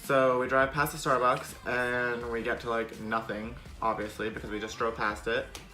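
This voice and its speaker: A man's voice: mid-range voice, flat delivery, normal speed, pushed and bright, soft background music. A young man telling a storytime vlog in a casual, sarcastic way, full of fillers. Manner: chatty, filler-heavy, sarcastic. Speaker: vlogger.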